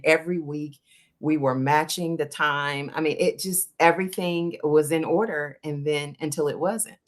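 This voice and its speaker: A woman guest on an interview show, talking casually and animatedly about working with her running coach, acting out quoted conversations. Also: low voice. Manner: animated storytelling, acts out quoted dialogue. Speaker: guest, endurance runner.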